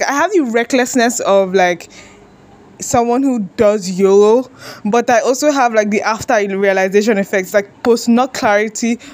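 A young woman from Nigeria hosting a solo podcast, talking casually and expressively, mocking herself and swearing freely. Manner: expressive, self-mocking, swears freely, pitch jumps for emphasis. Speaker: podcast host.

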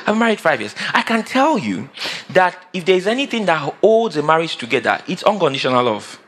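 A man's voice: sits high, sing-song, fairly quick, fairly bright tone. A man, preaching a sermon that prompts the congregation to call back answers and acts out the voices of whiny people. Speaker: pastor.

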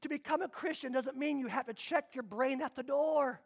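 High-voiced energetic male preacher. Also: normal speed, vocal fry. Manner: energetic, humorous, repeats phrases for emphasis. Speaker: pastor. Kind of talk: sermon.

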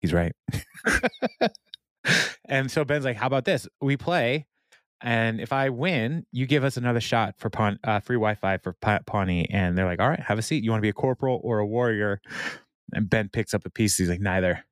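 A man's voice: mid-range voice, normal speed, no room sound, clean studio sound. A young adult man casually recapping a TV episode, laughing often and retelling scenes with quoted lines. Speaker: podcast co-host.

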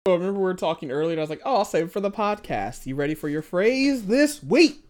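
A woman hosting a podcast in a loose, chatty way. Her voice swings widely in pitch, full of teasing asides and frequent laughter. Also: lively intonation, fast, a little mellow. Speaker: podcast co-host. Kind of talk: casual podcast chat.

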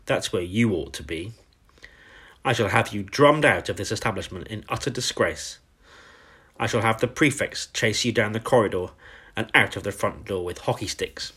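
A huge, bullying headmistress barks out threats and insults, as a man puts her on. The voice is low and husky, with a menacing, ranting edge. Storybook reading. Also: moderate pace, a bit bright. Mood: raging.

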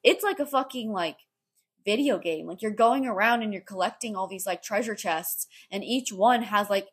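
A woman's voice: mid-range voice, normal speed, husky. A woman talking solo on her podcast in a rambling way, full of "like" and casual swearing. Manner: rambling, heavy on filler "like", frequent swearing. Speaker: podcast host.

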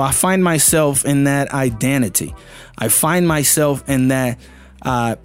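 A man teaching a casual English lesson, talking straight to the listener with lots of rhetorical questions. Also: medium pitch.

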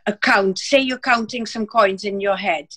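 A woman whose first language is Dutch talks as a guest in a relaxed interview. She speaks in a measured, reflective way, pausing on small fillers. Her pitch sits in an ordinary middle range. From Netherlands. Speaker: guest, former translator. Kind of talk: casual conversational interview.

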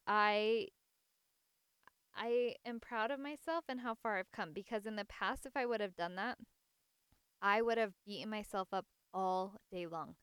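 Earnest mother telling a story, smooth voice. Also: mid-range voice, dry recording, clean studio sound. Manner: earnest and reflective, with soft laughs. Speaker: mother sharing a personal story. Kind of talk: casual personal testimony.

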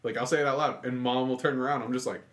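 A young man chatting casually and telling animated stories, mimicking other people and laughing often. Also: mid-range voice, quick pace. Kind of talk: casual chat.

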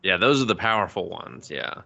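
Podcast co-host, male, low gravelly voice, profane and jokey, tosses off quick character voices mid-recap. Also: very animated, bright, forceful tone, highs cut off. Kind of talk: casual chat recapping an anime.

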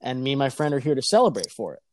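A young man telling a casual, profane story on a podcast, animated and laughing as he talks. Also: mid-range voice, rapid-fire, no room sound, clean studio sound. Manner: animated, swears constantly, laughs mid-sentence.

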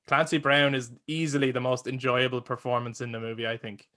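A man co-hosting a casual film podcast, excitable, laughing often and swearing casually as he talks. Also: mid-range voice, fairly quick. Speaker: podcast co-host.

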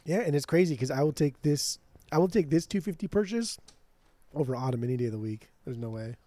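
A man co-hosting a podcast, telling a story in a casual, animated way and swearing freely. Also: fairly high pitch, brisk, dry recording. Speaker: podcast co-host, record store owner. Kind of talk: casual chat.

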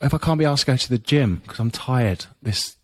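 Animated and fairly quick, a man with a medium-pitched, slightly mellow voice speaks as a podcast guest. He coaches fitness businesses, and his motivational interview talk is blunt, full of swearing and frequent you-knows.

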